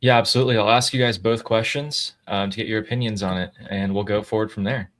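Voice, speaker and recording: A man giving a brisk news roundup in an announcer-like way on a live show. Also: fairly low pitch, steady tone, fairly bright tone. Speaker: news analyst.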